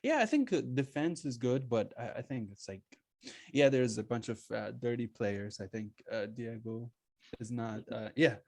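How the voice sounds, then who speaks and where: A man's voice: mid-range voice, fairly even intonation, normal speed, a little mellow, no room sound, studio quality. Hesitant man chatting about football. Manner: hesitant, many fillers and restarts. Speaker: guest football fan. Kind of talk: casual chat.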